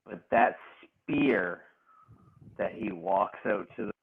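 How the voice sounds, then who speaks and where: Podcast co-host, male, gravelly and husky, slow and profane, tinny phone-line audio. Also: low voice. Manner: profane, animated, laughing rants. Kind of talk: casual wrestling chat.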